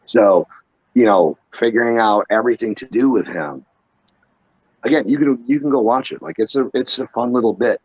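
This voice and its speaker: A man's voice: medium pitch, normal speed, a little mellow, husky, no room sound, muffled recording. A man, a wrestler and trainer, telling stories in a casual interview, rambling with frequent restarts and casual swearing.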